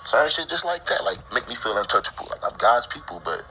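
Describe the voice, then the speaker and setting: Bright, slangy man joking around. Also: mid-range voice, sing-song, fast talker, a little hiss or hum, rough recording. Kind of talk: casual chat.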